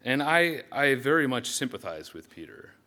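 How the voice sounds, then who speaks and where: A man's voice: mid-range voice, big pitch swings, normal speed, pushed and bright. A man preaching a sermon as pastor, earnest and reflective, often restarting his sentences.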